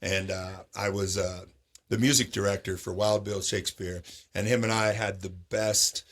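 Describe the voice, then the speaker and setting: Lively middle-aged man telling stories. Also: fairly low pitch, normal speed. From Sacramento, California. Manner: animated, acts out quoted voices. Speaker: roller rink owner, podcast guest. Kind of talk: casual storytelling chat.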